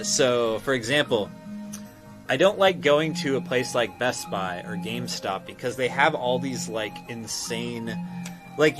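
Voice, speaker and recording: In a mid-range voice, a game and toy shop owner chats casually while streaming live. He reads viewer comments and rambles along, using lots of fillers and swearing freely.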